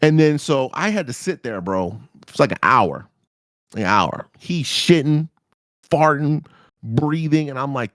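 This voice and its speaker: A man hosting a podcast, telling a story in a casual, profane way and jumping into high-pitched reactions. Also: expressive, a little slow, fairly bright tone, no room sound, clean studio sound. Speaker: podcast host.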